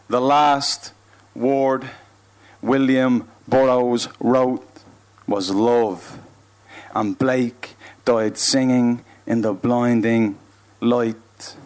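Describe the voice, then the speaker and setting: A man with a Dublin accent reads his poetry aloud on a club stage. He keeps an unhurried, rhythmic pulse and leans hard on words, then drops suddenly to a hush. His voice sits at an ordinary middle pitch. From Ireland. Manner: rhythmic, emphatic delivery with sudden shifts between loud and hushed. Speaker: performance poet. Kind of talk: live spoken-word performance. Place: club stage, live broadcast.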